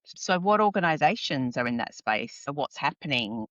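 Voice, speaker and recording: A woman's voice: rumbling low, big pitch swings, moderate pace, hardly any pauses, a bit bright, dry recording, highs cut off. A woman with an Australian accent, originally from Scotland, talking as a career counsellor guest in an enthusiastic, chatty way. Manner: enthusiastic, chatty, frequent laughs. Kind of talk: casual podcast interview.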